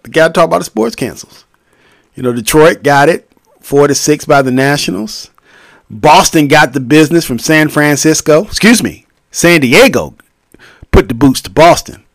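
Male solo podcaster, slightly high and very lively voice, loose and profane, recorded dry. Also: dry recording. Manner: rambling, profane, animated with sudden loud outbursts. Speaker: podcast host. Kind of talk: casual solo podcast monologue.

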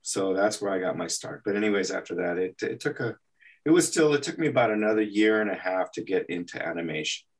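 Fast and fairly low in pitch, the voice belongs to an El Paso, Texas man who works as an animation artist. Through a distant mic, he spins anecdotes in an interview with animated energy, acting out what people said.

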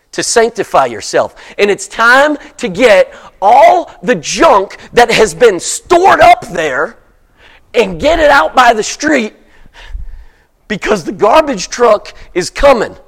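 A man preaching a sermon in a church, emphatic and repetitive, building up to shouts. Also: extremely high pitch. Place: church sanctuary.

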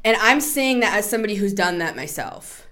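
Woman, 30s, tarot podcast host: animated, chatty, playful, quick to laugh. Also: medium pitch. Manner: chatty, laughing, swears freely; animated, shifts into playful voices. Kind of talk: casual spoken tarot reading.

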